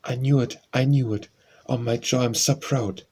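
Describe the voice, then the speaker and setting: A man reading the lines of a shy, gentle and affectionate girl in an audiobook. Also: medium pitch, moderate pace, slightly rough, lightly acted. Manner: gentle and warm-hearted.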